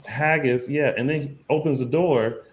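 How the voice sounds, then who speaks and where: A man's voice: medium pitch, normal speed. Give me a man chatting casually on a podcast, acting out scenes as he retells them. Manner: animated, acts out scenes with quoted voices. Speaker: podcast co-host. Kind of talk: casual chat.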